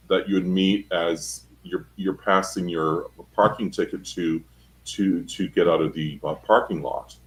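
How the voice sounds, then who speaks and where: Very deep-voiced man coaching speech. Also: poor audio. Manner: emphatic, explains with spoken examples. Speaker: studio guest and speaking coach. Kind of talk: instructive studio chat. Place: talk show studio.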